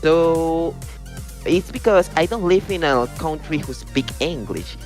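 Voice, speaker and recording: A man's voice: on the high side, animated, unhurried, faint music behind. A man learning English, speaking hesitantly on an online voice call and stopping often to search for words. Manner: hesitant, searching for words, non-native phrasing. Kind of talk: casual group discussion.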